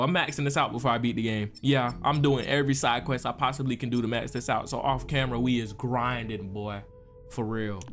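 A man giving casual let's-play commentary, excitable and full of slang, trash-talking enemies. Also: mid-range voice. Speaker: gaming streamer.

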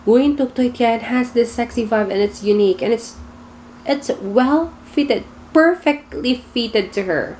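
A woman's voice: fairly high pitch, unhurried, darkish tone, slight background noise. A woman with a Filipino accent reacting to pageant gowns in a casual vlog, gushing and torn between favorites, full of exclamations. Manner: gushing, indecisive, lots of exclamations. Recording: music playing behind.

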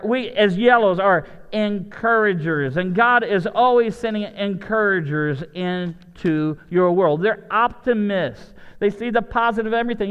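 Pastor man, high smooth voice, big echoey church hall sound, storytelling with energy. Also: narrow, tinny audio. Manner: animated storytelling, shifts from excited highs to low asides. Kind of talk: lively sermon with acted-out voices.

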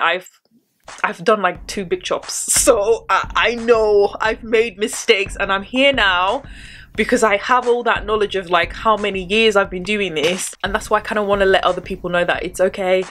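A woman's voice: lowish voice, a bit bright, slight background noise. A woman chatting casually about hair care tools, with rambling, self-deprecating asides. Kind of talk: casual chat.

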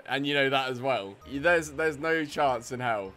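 A man's voice: mid-range voice, sharp tone. A young man hosting a gaming video, teasing and mocking other players in casual banter. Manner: teasing, mocking, quick to laugh.

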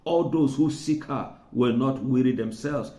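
A man's voice: mid-range voice, a little slow, dark tone, echoey room. A man preaching a sermon, conversational, repeating words for emphasis and chuckling now and then. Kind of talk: sermon teaching.

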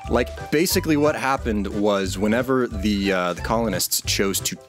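A man's voice: on the low side, moderate pace, faint music behind. An American man chatting while playing a video game, hesitant and stumbling over his words. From United States. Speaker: co-player.

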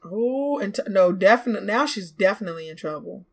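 A woman's voice: mid-range voice, lively intonation, vocal fry. Chatty young woman commenting on her game. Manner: chatty, scolds and coaxes the game characters aloud; exclamatory, quick to gasp and laugh. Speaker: gaming YouTuber. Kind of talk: let's play commentary.

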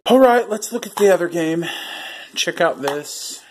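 A man's voice: high-pitched, animated, measured pace, darkish tone, slightly rough. A man hosting a casual unboxing vlog, chatting to viewers while handling what he unpacks. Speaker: video host.

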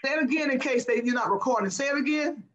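Her voice sits high and moves quickly, heard over a noisy crowd on poor audio. She's a middle-aged former basketball player guesting in a laid-back interview, passionate and emphatic, saying things more than once.

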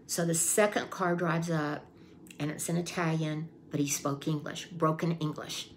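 A woman's voice: low voice, steady tone, moderate pace, slight background noise. A woman vlogger casually telling a personal story, chatty, repeating herself and acting out her own past thoughts.

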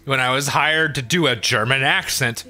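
A man's voice: mid-range voice, normal speed, pushed and bright. A man hosting a let's play, rambling in casual gameplay commentary and swearing often.

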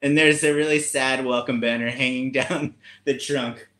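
A man's voice: medium pitch, steady tone, moderate pace, a bit bright, reverberant. Playful man reading a picture book. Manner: playful, laughing, jokey. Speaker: author reading his book. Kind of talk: picture-book read-aloud and chat.

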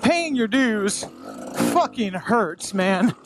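A fairly high-voiced man rides a dirt bike through the woods and talks to himself the whole way. He is out of breath, swears a lot and keeps making fun of himself. A loud engine roars under every word he says. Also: very animated, drawn-out words. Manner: profane, self-mocking, talkative. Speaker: dirt bike racer vlogging. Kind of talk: casual self-talk commentary while riding. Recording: loud engine noise behind the voice.

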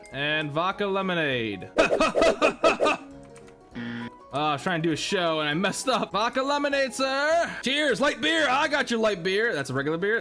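A young man giving hyped, jokey commentary over his gameplay, often shouting at the game's customers. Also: sits high. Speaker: gaming YouTuber.

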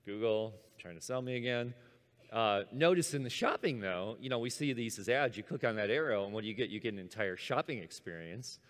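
A man in his fifties giving a conference talk, animated and acting out his own inner voice. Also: on the low side, brisk. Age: 50s. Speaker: conference speaker. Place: large conference hall. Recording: long hall reverb.

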